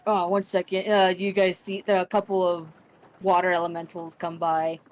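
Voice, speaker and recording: A woman's voice: on the low side, little pitch movement, moderate pace. A young adult woman narrating a tabletop game as game master, rambling with lots of restarts and fillers. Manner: rambling, full of likes and restarts.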